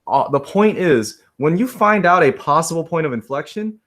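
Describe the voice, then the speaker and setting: A male math teacher talks his class through a problem in a relaxed way. He keeps checking in with "right?", says his students' names and jokes a little at his own expense. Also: a little high, moderate pace. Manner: casual, checks in often with "right?"; talks to students by name, self-deprecating asides. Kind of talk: live classroom lesson.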